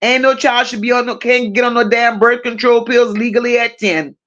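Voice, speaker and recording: A high-voiced woman hosts a loose true-crime livestream, reading out chat comments and firing back at viewers. She talks bluntly and swears freely, teasing regulars with rowdy banter. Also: steady tone, a little fast, a bit bright, muffled recording.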